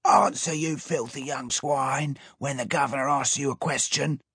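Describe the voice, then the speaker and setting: A man voicing a loud, red-faced, burly male prison guard chief who screeches insults. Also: lowish voice, expressive, moderate pace, breathy edge, no echo, clean studio sound. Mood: contemptuous. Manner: screeching, abusive.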